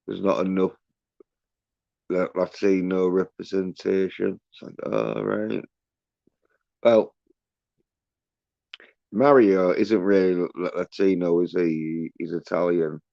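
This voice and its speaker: Slow, deep-voiced swearing man. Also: flat delivery, gravelly, mellow, dry recording, lo-fi sound. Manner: profane, rambling, many fillers and restarts. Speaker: livestream host. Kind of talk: rambling livestream rant.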